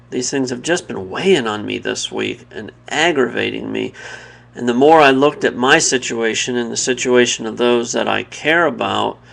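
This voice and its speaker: A man giving an earnest, reflective personal devotional talk, pausing and restarting mid-thought. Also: mid-range voice, creaky, fairly bright tone. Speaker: devotional video speaker.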